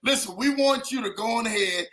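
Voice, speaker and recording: A man's voice: very high-pitched, a little fast, a bit bright, low-quality recording. A man hosting a show, wrapping up in a hyped casual chat and saying "man" all the time. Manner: hyped, repeats "man" constantly, laughing. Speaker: podcast host.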